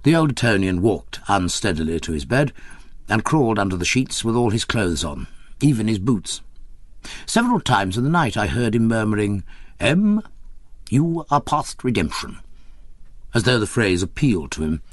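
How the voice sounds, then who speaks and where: A man reading a memoir aloud as an audiobook narrator, measured and expressive. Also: lowish voice, no echo.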